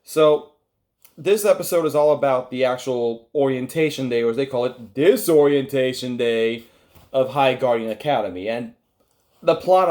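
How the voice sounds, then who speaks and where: A man's voice: mid-range voice, darkish tone. A man hosting an online review, talking casually and sarcastically straight to his viewers with a critical edge. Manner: wry, critical, talks to viewers directly.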